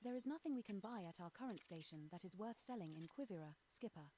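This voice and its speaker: A woman voicing a calm, mellow ship computer. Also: mid-range voice, fast, slight background noise, natural voice. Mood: calm formal. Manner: even, formal announcements. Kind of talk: in-game ship computer announcements.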